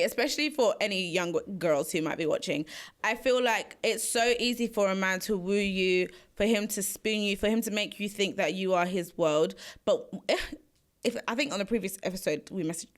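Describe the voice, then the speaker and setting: A young woman co-hosting a chat podcast, jumping in with quick agreement and frank advice. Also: medium pitch. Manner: expressive, quick agreeing interjections, laughs often. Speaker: podcast co-host. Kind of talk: casual chat.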